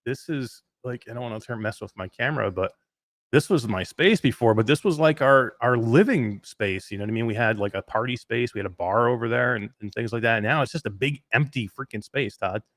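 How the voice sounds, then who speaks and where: Excitable New York host, dry sound. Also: male voice, medium pitch, fairly quick, no room sound. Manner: excitable, rambling with fillers. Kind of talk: live podcast chat. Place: emptied home den.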